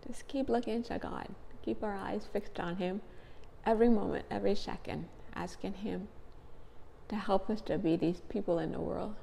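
A woman's voice: medium pitch, steady tone, moderate pace, gravelly, dark tone, in a large hall, a little hiss or hum. A tired, tearful woman speaking to her viewers in a heartfelt testimony, repeating her phrases. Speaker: faith vlogger.

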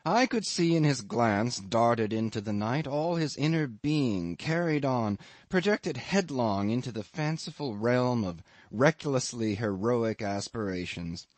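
A man narrating a classic novel as an audiobook in a measured, reflective storytelling manner. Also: medium pitch, animated, dry recording. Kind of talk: scripted literary narration.

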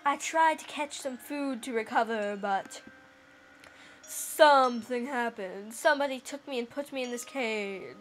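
A woman voicing a gentle, weary male talking cat in a put-on deeper, manly voice as she reads game dialogue aloud. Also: unhurried, slight background noise, lightly acted. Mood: plaintive.

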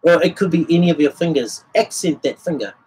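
On a low-quality recording with slight background noise, a male guitar teacher with a brisk, fairly high, darkish voice leads a casual livestream lesson. He explains the technique and sings rhythms as syllables while guitar plays behind him.

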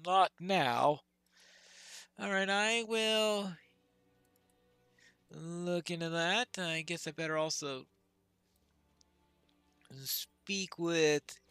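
Chatty, bright-voiced game player. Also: mid-range voice, steady tone, very slow, long pauses, clear, resonant tone, dry recording, soft background music. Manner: chatty, laughs at mispronouncing names. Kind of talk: let's play commentary.

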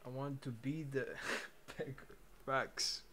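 Slow-talking mocking young male streamer. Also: medium pitch, steady tone, fairly bright tone, slight background noise. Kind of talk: casual livestream commentary.

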